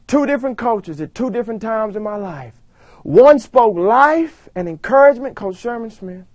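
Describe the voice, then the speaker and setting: Guy with a real high voice doing a motivational talk, big dramatic story, goes loud then real quiet. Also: dry recording. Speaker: motivational speaker. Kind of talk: motivational speech.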